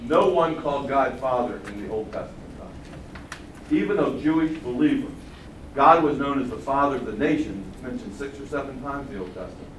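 An older man preaching a sermon, swinging from loud exclamations to quiet asides. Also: medium pitch. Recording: roomy sound from far off the mic, faint hum.

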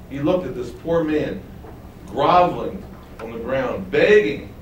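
A man preaching a sermon. He reads verses, explains them, and acts out the speakers in a higher voice. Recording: roomy echo, voice from a distance, faint background noise.

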